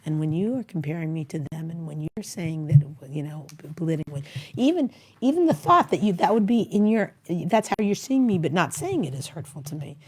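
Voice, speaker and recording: A woman's voice: lowish voice, big pitch swings, brisk, a little mellow, breathy edge. A middle-aged woman hosting a talk show, giving marriage advice in a rambling, casual way and acting out bits of dialogue. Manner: rambling, acts out little quoted dialogues.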